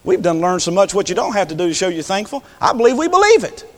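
A preacher with a high, lively voice, preaching a sermon in a church sanctuary. He slides from quiet, conversational asides up into ringing, impassioned shouts. The room adds a long reverb tail to every line. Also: fast talker. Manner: impassioned, swings from low talk to high shouts.

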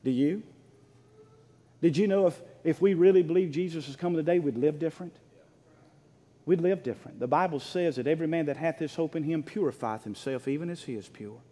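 A man preaching a sermon as pastor, fervent and swelling into shouts, calling for responses from the congregation. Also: fairly high pitch, brisk. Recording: long reverb of a large hall.

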